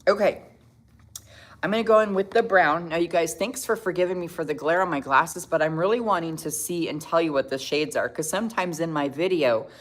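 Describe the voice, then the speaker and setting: A middle-aged woman whose voice sits low chats her way through a casual makeup tutorial livestream, reading out what viewers comment and laughing often.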